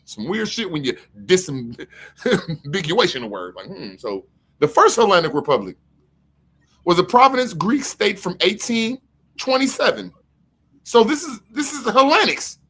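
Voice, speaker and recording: A man hosting a casual livestream, his pitch swinging widely as he reads aloud and riffs. He talks loosely and profanely, laughing often as he thinks out loud. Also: very animated, moderate pace, husky. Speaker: livestream host. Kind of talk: casual livestream chat, reading aloud from the screen.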